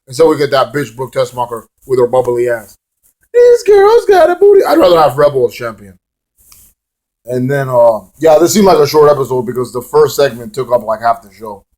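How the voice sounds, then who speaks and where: A man's voice: mid-range voice, fairly quick, a little mellow. A man giving a casual, rambling, sarcastic vlog review of a wrestling show, swearing freely.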